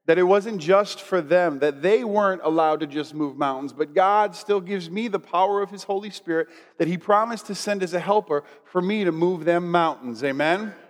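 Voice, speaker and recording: Pastor, male, chatty preacher, slightly high voice, echoing sanctuary. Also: moderate pace, hardly any pauses. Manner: conversational, preacherly, leads congregation in declarations. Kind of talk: sermon. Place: church sanctuary. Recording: long hall reverb.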